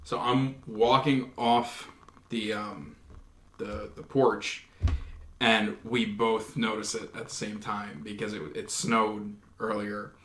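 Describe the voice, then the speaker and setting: A man's voice: on the low side, little pitch movement, takes it slowly, a bit bright. A man, a paranormal investigator guest, earnestly telling a story in a casual podcast chat, with frequent restarts. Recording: roomy echo.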